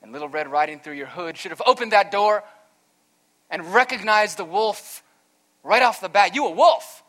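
Male pastor, sermon, earnest, emphatic, fairly high voice. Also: animated, moderate pace, a bit bright.

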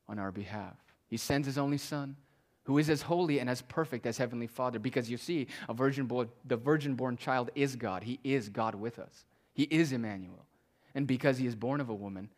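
A man preaching a sermon as pastor, swinging from loud emphatic declarations to hushed, quiet tones. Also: medium pitch.

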